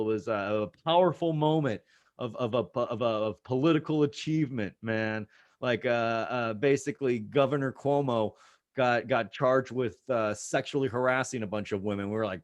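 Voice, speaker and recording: A man's voice: medium pitch, moderate pace. A young man doing a loose, sarcastic stand-up set over a video call, full of asides and banter. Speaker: stand-up comedian.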